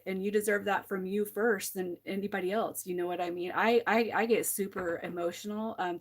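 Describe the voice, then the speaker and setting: A woman giving a live tarot reading to viewers, candid and emotional, swearing freely and restarting her sentences, close to tears. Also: mid-range voice. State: teary, close to crying. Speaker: tarot reader on a livestream.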